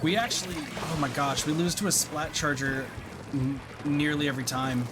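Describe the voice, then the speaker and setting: A young man giving live gameplay commentary, excitable and swearing as he reacts out loud, over game music. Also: on the high side, normal speed. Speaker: streamer.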